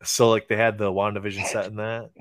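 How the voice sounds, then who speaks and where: A man's voice: on the low side, flat delivery, fast, a little hiss or hum. A man co-hosting a podcast, explaining things in a laid-back way with lots of fillers. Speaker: podcast co-host. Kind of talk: casual chat.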